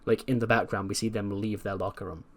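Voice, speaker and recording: A man's voice: on the low side, little pitch movement, quick pace. A man casually narrating a wrestling management game run, chatty and full of fillers. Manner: chatty, filler-heavy recapping. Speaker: game commentator.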